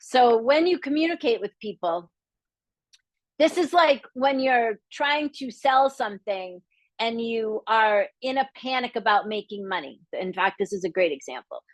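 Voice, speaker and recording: A middle-aged woman from the area, teaching a live masterclass in a candid, lively way, acting out the voices she quotes. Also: on the high side, normal speed, no echo. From Boston area, Massachusetts. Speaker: business coach.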